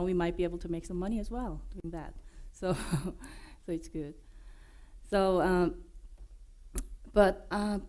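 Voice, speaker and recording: A woman with a Korean accent presenting at a developer conference, her voice hoarse from being unwell, joking and filling pauses with many fillers and restarts. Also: lowish voice, mellow. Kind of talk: conference talk. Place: conference room.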